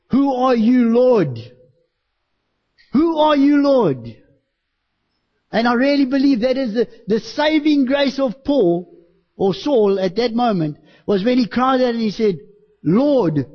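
A man's voice: very high voice, muffled recording. A man preaching a sermon to a morning congregation, emphatic, acting out quoted voices and repeating phrases for effect. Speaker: pastor.

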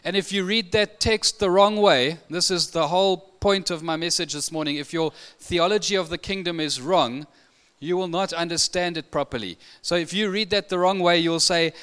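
A man preaching a sermon, expressive and emphatic, his voice lifting when he quotes scripture. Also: sits high, normal speed, smooth.

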